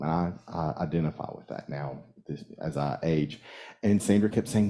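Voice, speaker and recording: A male minister preaches a sermon in a church sanctuary, conversational and storytelling, chuckling as he goes. His low, mellow voice has lively intonation and a moderate pace.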